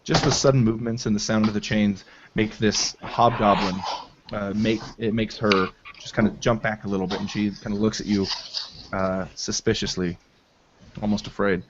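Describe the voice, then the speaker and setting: A man narrating as game master of a tabletop game, in a halting style full of fillers, on a dull lo-fi recording. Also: fairly low pitch, fairly even intonation, background noise. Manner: slow, halting descriptive narration with many fillers.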